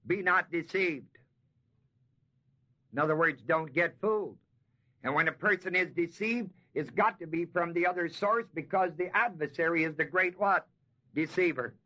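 A man's voice: fairly high pitch, sharp tone. Emphatic man teaching Bible verses. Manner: emphatic, slows and stresses key words, asks the audience questions. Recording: dull lo-fi 1970s tape recording.

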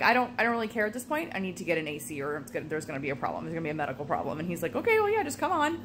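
A woman's voice: lowish voice, fairly bright tone, a little hiss or hum. A woman telling a story in a casual vlog, venting and swearing often. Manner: swears a lot, vents frustration. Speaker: vlogger.

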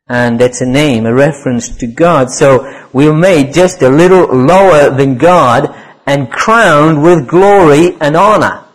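A man's voice: mid-range voice, low-quality recording. A man preaching a sermon, explaining Hebrew words and quoting scripture, repeating key phrases for emphasis. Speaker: pastor.

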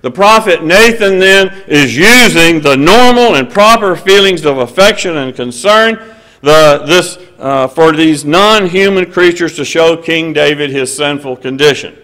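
A man preaching a conversational sermon, reading scripture aloud, stressing words and often pausing on "uh" while joking with the audience. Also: a little high, pushed and bright, poor audio. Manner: emphatic, hesitant "uh" fillers, banter with the audience. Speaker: preacher at a lectureship.

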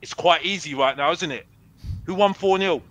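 Low-quality audio captures a man with a somewhat high, slightly bright voice speaking at a moderate pace. A heated football fan on a fan show, he's boastful and brash, keeps repeating himself, and names himself Mister Box Office.

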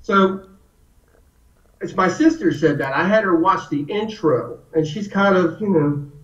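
Animated man on an echoey distant mic. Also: high-pitched, a little slow. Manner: animated storyteller, acts out quotes. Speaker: guest. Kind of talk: casual conversation. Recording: echoey, distant, dull lo-fi sound.

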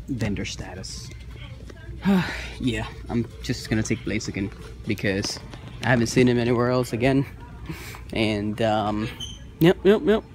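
A man filming a casual toy-hunting vlog, talking in an animated way and dropping in Spanish words. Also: mid-range voice. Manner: animated, swears and laughs, mixes in Spanish words.

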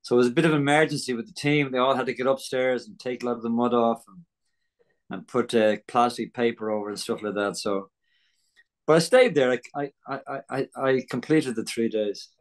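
A man's voice: medium pitch, brisk. An Irish man as an interview guest, giving an earnest testimony and acting out the voices of people in his story. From Ireland.

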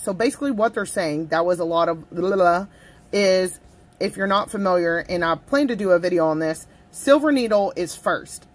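A woman chatting casually at her home desk in a tea review vlog, gushing and talking straight to her viewers. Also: on the low side. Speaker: tea vlogger.

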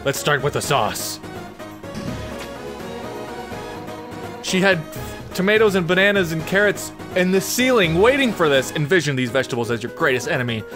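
A man's voice: on the high side, big pitch swings, fairly quick. Undyne, a man doing a brash fish-woman warrior. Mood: fired up. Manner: loud, boisterous, eager. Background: game music.

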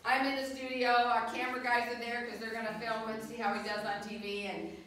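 A middle-aged woman hosting a children's show, telling a lively story to a crowd of kids and asking them questions. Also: fairly high pitch, a little fast. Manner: animated, asks the kids questions. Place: school hall with a live audience. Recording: echoey hall from a distant mic.

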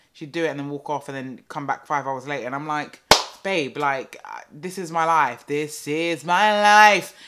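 A young woman telling a story casually to camera, chatty and animated with lots of fillers and repeats. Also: very deep voice. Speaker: vlogger.

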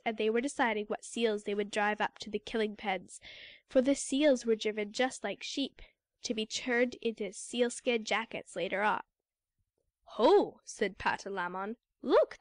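A woman reading a classic storybook aloud as an audiobook narrator, measured and even. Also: fairly high pitch, dry recording. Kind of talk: scripted narration.

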